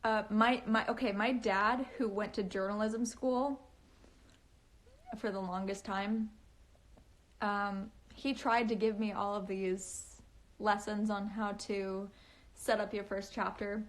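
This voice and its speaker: A woman's voice: medium pitch, steady tone, slow pace. A young woman chatting casually on a phone live stream, giggling often and speaking in a valley-girl lilt full of fillers. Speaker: livestreaming author.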